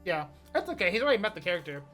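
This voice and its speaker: A woman's voice: on the low side, sing-song, rapid-fire, a bit bright, faint music behind. A woman streamer in a chatty group reading of a visual novel, narrating actions in first person.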